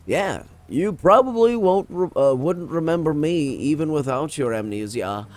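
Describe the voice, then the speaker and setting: A man's voice: fairly high pitch, lively intonation, moderate pace, no echo, lightly acted. A man reading a friendly secret agent. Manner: reads dialogue aloud with small stumbles.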